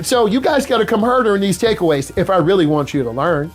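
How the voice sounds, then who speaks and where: Animated man teaching a class. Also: high voice, fast talker, hardly any pauses, faint music behind. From Midwest US. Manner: animated, exhorting students, repetitive. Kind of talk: classroom lecture.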